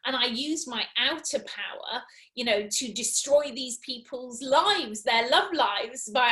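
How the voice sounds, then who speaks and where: A woman's voice: high-pitched, animated, a little slow, fairly bright tone. A woman guest telling personal stories in an interview, chatty and mimicking other people's reactions. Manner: chatty, many "you know" fillers, mimics others' reactions. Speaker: guest author. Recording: roomy echo.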